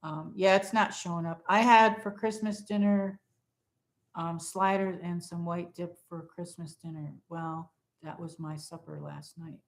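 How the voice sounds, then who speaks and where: A woman's voice: fairly low pitch, fairly even intonation, unhurried, reverberant. A woman hosting a casual livestream from her phone at home, rambling and reading viewer comments aloud. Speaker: livestream host. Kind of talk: casual live chat with viewers. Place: home, in front of a Christmas tree.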